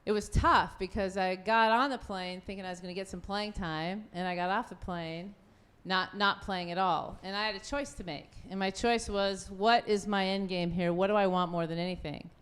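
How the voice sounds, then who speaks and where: A woman in her fifties with a bright, forceful voice shares stories as a panelist at a live event. She is animated, laughs easily and slips into the voices of the people she quotes. Her pitch sits in an ordinary middle range. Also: moderate pace, hardly any pauses. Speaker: panelist, former goalkeeper. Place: event venue.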